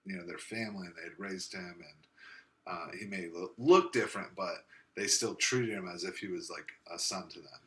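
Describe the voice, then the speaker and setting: A young man chats casually as a podcast co-host. His voice sits fairly low but has a bright edge. He rambles with many fillers, and his slight speech impediment makes him repeat words. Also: moderate pace. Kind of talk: casual chat.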